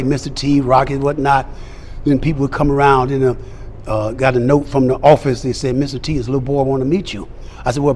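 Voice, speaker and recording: A man's voice: medium pitch, a little mellow, a little hiss or hum. An older man telling stories as a celebrity guest, emphatic and acting out the dialogue of the people in his stories. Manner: emphatic, acts out quoted dialogue. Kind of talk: storytelling interview. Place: fan convention.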